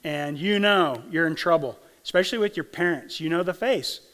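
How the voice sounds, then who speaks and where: Middle-aged man, from Arkansas, pastor, folksy conversational sermon, slightly high voice, long church reverb. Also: normal speed, a bit bright. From Arkansas, USA. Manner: conversational, folksy, asks the congregation "right?". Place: church sanctuary.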